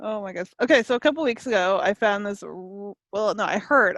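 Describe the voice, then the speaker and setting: A woman's voice: medium pitch, expressive, fast, a bit bright, dry recording. A woman from Canada co-hosting a casual chat podcast, rambling cheerfully with lots of fillers and laughter. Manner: chatty, laughs often, many fillers. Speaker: podcast co-host.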